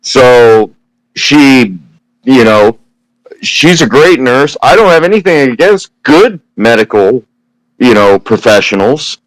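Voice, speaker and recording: A man's voice: mid-range voice, expressive, slow, dry recording, low-quality recording. A man speaking as a podcast guest, blunt and profane in casual chat.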